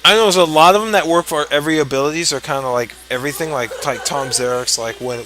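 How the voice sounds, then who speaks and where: A man's voice: medium pitch, fast, hardly any pauses, crowd noise, rough recording. A man ranting about a board game rule late at night, profane and exasperated, rambling with many restarts. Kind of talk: casual ranting commentary.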